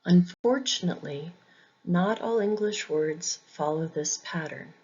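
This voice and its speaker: Her fairly low, slightly mellow, husky voice comes through dull audio as she teaches English pronunciation. Careful and deliberate, she says every word more than once so learners can repeat after her in a slow, clear drill.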